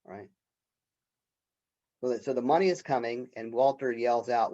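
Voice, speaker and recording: A male college professor talks through a play in an unscripted, easygoing way, full of "um" and "right?". His voice sits at a middle pitch, and the recording sounds slightly dull and lo-fi. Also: measured pace, dark tone. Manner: unscripted, with fillers and rhetorical "right?"; reads character quotes with some expression. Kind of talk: lecture reading and explaining a play.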